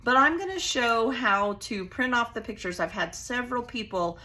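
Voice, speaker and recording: A bubbly woman chats her way through a craft tutorial at her home table. Her voice is bright and forceful, and it swings all over the place as she gushes. She sounds casual and friendly, like she is talking to regulars. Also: fairly high pitch, lively intonation, normal speed. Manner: bubbly, chatty, gushing. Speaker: crafting channel host.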